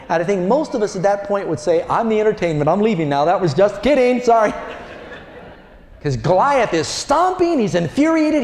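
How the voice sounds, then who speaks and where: A male preacher giving an animated sermon, telling the story with acted-out voices and questions to the congregation. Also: high voice. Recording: echoey hall.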